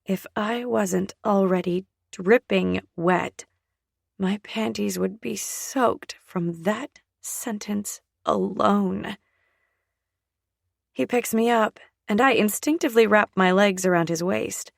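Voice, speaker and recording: A woman narrating a first-person romance audiobook in a soft, breathy, often half-whispered voice. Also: medium pitch, slow pace, no echo, clean studio sound.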